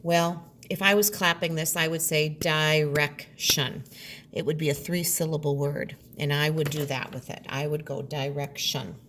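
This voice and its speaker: A woman teacher giving a recorded lesson, sounding out words slowly and deliberately. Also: low voice, steady tone, a bit bright, a little hiss or hum.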